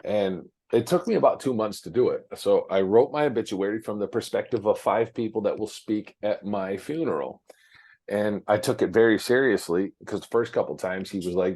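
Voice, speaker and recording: A man's voice: fairly low pitch, brisk, a little mellow, breathy edge. A man talking frankly as an interview guest, with many fillers and restarts, from his office. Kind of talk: casual interview storytelling.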